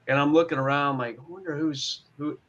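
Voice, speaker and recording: A man's voice: on the high side, fairly even intonation, brisk, fairly bright tone, lo-fi sound. A man telling a story as a guest on a panel chat, laughing along.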